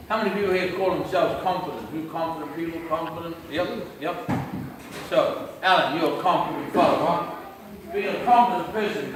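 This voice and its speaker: Brief: a teasing, slangy New man with a high voice, heard from far off on a stage. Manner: joking, teasing the crowd, slangy. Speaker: comedic speaker. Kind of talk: stand-up-style talk to audience. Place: stage in a large hall. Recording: echoey hall from far off, audience noise.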